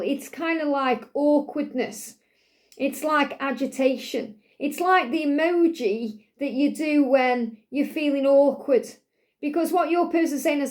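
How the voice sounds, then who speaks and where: A woman's voice: high-pitched, a little mellow. A woman hosting a spiritual tarot card reading, chatty and repetitive, speaking the cards' messages aloud. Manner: chatty, repeats phrases, voices the cards' messages.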